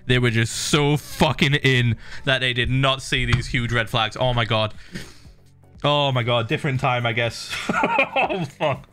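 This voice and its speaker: A middle-aged man streaming to a live chat, ranting in an animated, exasperated way, swearing freely and laughing in disbelief. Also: medium pitch, measured pace, soft background music. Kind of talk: casual rant to a live chat while gaming.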